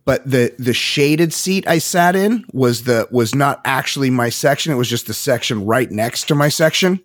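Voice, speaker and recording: A middle-aged man co-hosting a podcast, telling stories in a lively, animated way and acting out the quotes. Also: mid-range voice, normal speed. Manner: animated storyteller, acts out quotes. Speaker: podcast co-host. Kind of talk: casual chat.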